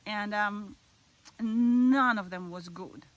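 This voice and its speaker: A woman's voice: mid-range voice, slow pace, lo-fi sound. A woman with a voice, earnestly telling a personal story about her spiritual path, with restarts and small laughs. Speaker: spiritual video host.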